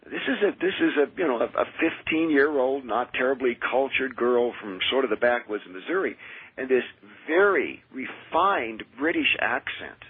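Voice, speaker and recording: A man who is a minister and exorcist, telling his experiences in an earnest, measured way as a radio interview guest. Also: medium pitch, lively intonation, breathy edge, no room sound. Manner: earnest, measured, with frequent restarts. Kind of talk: radio interview, personal storytelling. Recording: tinny dry phone line.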